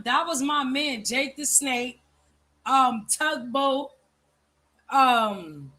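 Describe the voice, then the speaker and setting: Woman, high voice, casual chat, chatty, reminiscing, relaxed fillers. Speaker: host.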